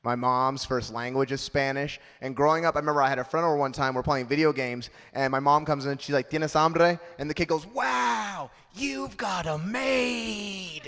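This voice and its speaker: A man's voice: mid-range voice, fairly even intonation, fast talker, few pauses, a bit bright, big-room sound. A man in his thirties doing a punchy, self-mocking stand-up comedy set on a club stage. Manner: punchy, self-mocking delivery with acted-out quotes.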